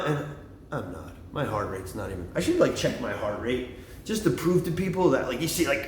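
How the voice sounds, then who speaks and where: A middle-aged man rambling in a profane, excitable vlog monologue, jumping from topic to topic. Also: a little high, a little fast, roomy sound, a little hiss or hum. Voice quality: extroverted and excitable. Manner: animated, swearing, jumps between topics. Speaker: vlogger.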